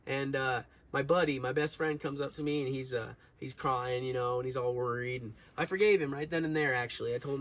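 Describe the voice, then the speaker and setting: A man's voice: medium pitch, fairly even intonation, fast talker, few pauses, a bit bright. A young man telling a long story to his viewers in a casual, rambling way, full of fillers and restarts. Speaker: vlogger.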